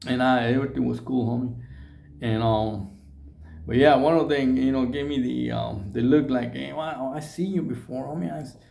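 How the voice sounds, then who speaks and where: Guy middle-aged vlogging, raspy gravelly voice, keeps restarting words, tosses in spanish slang. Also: mid-range voice, fairly even intonation, a little mellow. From Mexico. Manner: halting, many repeated words and restarts; mixes Spanish slang into English. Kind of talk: casual storytelling to camera.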